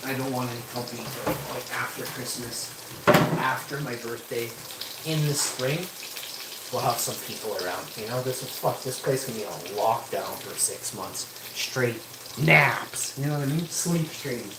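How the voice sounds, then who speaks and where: A man with a mid-range voice talks at normal speed, distant from the mic in a very noisy, echoey kitchen where food fries with a loud sizzle. He's streaming live while cooking, chatting casually in a rambling, crude way packed with swearing.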